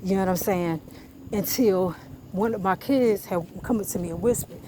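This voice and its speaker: A woman's voice: medium pitch, normal speed. Give me a blunt, profane woman storytelling on a phone as she walks outside by traffic. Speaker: vlogger. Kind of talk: casual storytelling while walking. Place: outdoors, walking by a road and bridge.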